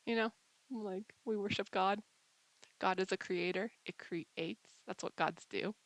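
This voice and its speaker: A woman hosts a casual, rambling monologue with a playful, mock-dramatic streak. She talks at an unhurried pace with a gravelly rasp. The sound is dry and close. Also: mid-range voice, steady tone, no room sound, rough recording. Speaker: channel host.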